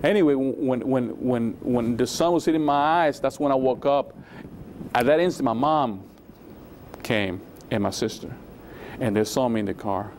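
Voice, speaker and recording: A man recounts his past with raw emotion, his medium-pitched voice climbing sharply whenever he acts out what was said. A faint hiss of noise sits behind him in the recording. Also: normal speed, darkish tone. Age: 20s. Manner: emotional storytelling, acts out dialogue with sudden rises. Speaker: guest. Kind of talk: testimony in a religious interview.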